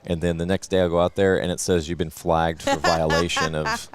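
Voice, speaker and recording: A man with a very low voice hosts live coverage in relaxed casual chat. He jokes easily and fills pauses with small hesitations. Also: a loud crowd. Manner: relaxed, joking, with fillers. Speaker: host of live archery coverage.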